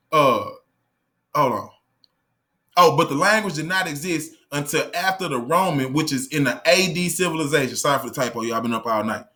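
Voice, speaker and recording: A man's voice: a little high, pushed and bright. A man hosting his own channel, giving heated, profane commentary full of rhetorical questions while reading aloud from a screen. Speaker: channel host.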